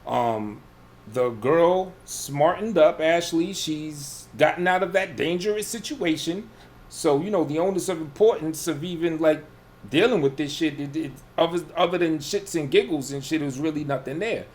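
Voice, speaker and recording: A man's voice: on the high side, normal speed, a little mellow. A man with a somewhat raised voice talks in loose, profane radio chat. He sounds defiant and sure of himself as he brushes off the jabs thrown at him. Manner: profane, defiant, self-assured. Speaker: guest under roast.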